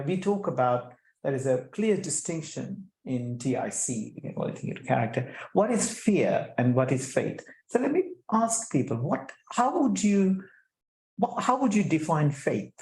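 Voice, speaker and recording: A middle-aged man speaking as a guest, animated, often restarting and repeating words and putting rhetorical questions to the audience. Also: mid-range voice, creaky. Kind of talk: conversational talk at an online chapter event. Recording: echoey room sound.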